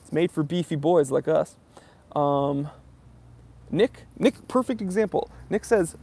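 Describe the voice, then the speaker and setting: A man's voice: sits high, normal speed, gravelly, a little hiss or hum. A young man hosting a livestream, ranting casually and mimicking commenters in mocking voices. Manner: animated, mocking impressions of commenters. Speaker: live stream host.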